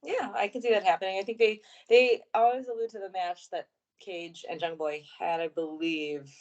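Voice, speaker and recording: A woman's voice: medium pitch, fairly even intonation, moderate pace, darkish tone, dull audio. A woman co-hosting a casual wrestling podcast, thinking aloud with hesitant fillers. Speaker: podcast co-host. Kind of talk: casual wrestling news chat.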